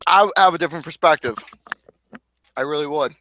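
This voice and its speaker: A man's voice: fairly high pitch, brisk, sharp tone. A man in a casual film review chat, emphatically repeating his point. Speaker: podcast co-host.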